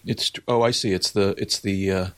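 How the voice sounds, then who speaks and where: A man's voice: deep voice, steady tone, normal speed, a bit bright. A man hosting a podcast in casual chat, teasing his co-hosts and full of fillers. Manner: teasing, chatty, many fillers. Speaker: podcast host.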